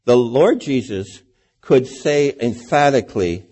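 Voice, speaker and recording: A male preacher delivers a sermon in a relaxed, conversational way. His voice is warm and a little husky. He keeps turning to his listeners with rhetorical questions. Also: mid-range voice, measured pace.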